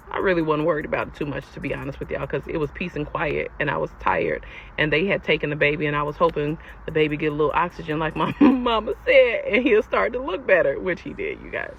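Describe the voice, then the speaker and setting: A young woman telling a personal storytime to her viewers in a casual, animated and exasperated way. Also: sits low, fast talker, gravelly. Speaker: storyteller vlogger. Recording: lo-fi with faint background noise.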